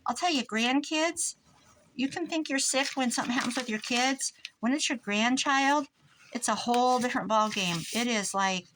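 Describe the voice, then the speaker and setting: In a noisy home recording, a grandmother who vlogs about crafting talks as she works on pages in her craft room. She speaks at a fairly high pitch and moderate pace, chatting away and jumping from one story to another.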